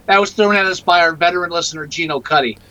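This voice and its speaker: A man's voice: on the high side, fast, highs cut off. A man co-hosting a podcast, chatting casually about a movie and often restarting his sentences. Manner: rambling, restarts often, animated. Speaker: podcast co-host. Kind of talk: casual movie-review chat.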